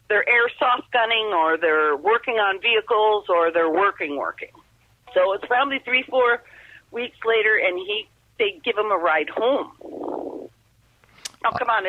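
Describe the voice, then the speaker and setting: A woman's voice: mid-range voice, husky, dry recording. A middle-aged woman from Upper Michigan calling in, telling a long story in a rambling, earnest way with many restarts. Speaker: caller telling an encounter story. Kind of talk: rambling phone testimony. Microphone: telephone. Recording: phone line.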